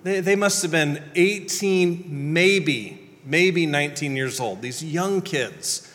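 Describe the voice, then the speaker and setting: Male pastor, thirties, slightly high voice, earnest sermon delivery, long hall echo. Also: animated, slow, a bit bright.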